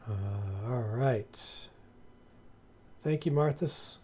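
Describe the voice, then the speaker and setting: A man's voice: mid-range voice, drawn-out words, a little mellow, a little hiss or hum. A man running a tabletop game as game master, encouraging the players and explaining the rules step by step.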